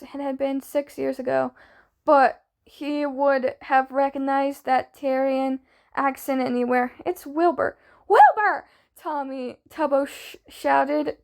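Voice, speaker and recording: A woman's voice: high voice, vocal fry. A young woman reading a fanfiction story aloud in a casual way, often stumbling and restarting words. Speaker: fanfiction reader.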